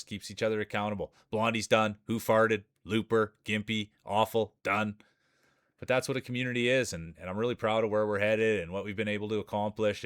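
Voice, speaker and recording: Commentating marble races on a live stream, this streamer sounds like a sports announcer while chatting casually with viewers. The pitch is fairly low with a slightly bright tone, captured cleanly in a studio with no echo.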